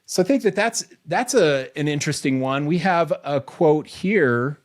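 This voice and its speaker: A man co-hosting a casual podcast, reading quotes aloud in a relaxed way. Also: a little high, moderate pace. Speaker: podcast co-host.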